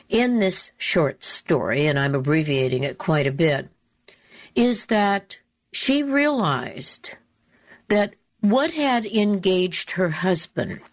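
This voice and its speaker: A middle-aged woman hosts a radio talk show in a fairly low voice, and she tells a story at an unhurried, measured pace. She is emphatic and deliberate, and she comes back to her key phrases again and again. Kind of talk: storytelling monologue.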